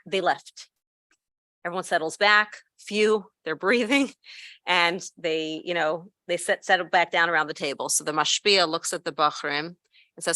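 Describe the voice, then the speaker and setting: Speaking to fellow educators, this woman shares a story in a chatty teaching style, tossing in fast asides and correcting herself along the way. Her voice is medium-pitched with a sharp tone, and there's no echo.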